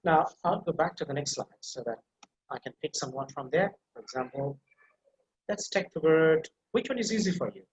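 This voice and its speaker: In an echoey room, a man whose voice is on the high side teaches a live online English pronunciation class at a moderate pace, animated throughout. Over slightly muffled video-call audio, he patiently repeats words and restarts phrases while explaining.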